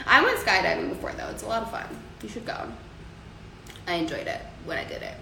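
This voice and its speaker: A woman's voice: a little high, very animated, quick pace, pushed and bright. A young woman hosting a casual livestream, reading viewer comments and giving loose, profane advice. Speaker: livestream host. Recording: echoey room with faint ambient noise.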